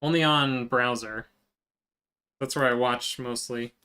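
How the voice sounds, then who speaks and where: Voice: medium pitch, steady tone, slow pace, sharp tone, clean tone. A live streamer chatting casually with viewers while working, answering chat as they go.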